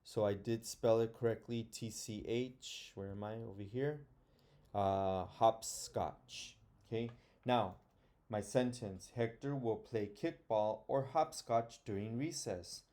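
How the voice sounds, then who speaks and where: A middle-aged male teacher talks through a lesson at an unhurried pace, in a lowish, warm, mellow voice. He stops to think aloud and sounds out each word with patience. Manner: slow, patient, sounds words out. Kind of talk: online phonics and grammar lesson.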